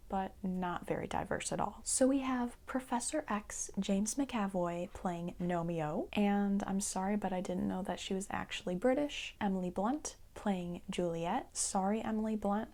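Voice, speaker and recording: A woman vlogger chatting casually about an animated movie, rambling a little, laughing easily and slipping into whispered asides. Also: medium pitch. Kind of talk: casual movie review chat.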